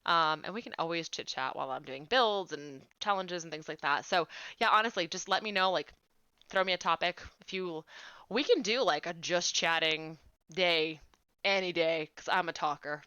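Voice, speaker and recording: A woman's voice: fairly low pitch, moderate pace, bright, forceful tone, smooth, no room sound. A woman in her late twenties, a game streamer chatting casually with viewers and telling stories, full of "like". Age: 20s. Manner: chatty storyteller, fillers of "like".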